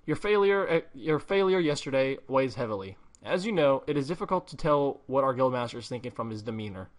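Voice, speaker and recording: A man's voice: mid-range voice, lively intonation, a little fast, close to an everyday voice. A man voicing a bossy, fussy male parrot guild assistant, reading game dialogue aloud in a stern, lecturing way.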